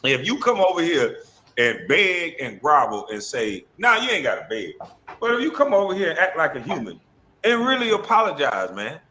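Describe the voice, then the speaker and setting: A man hosting a heated, taunting casual rant, mocking someone with quick impressions. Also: on the high side, huge pitch swings, sharp tone, a little hiss or hum. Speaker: show host.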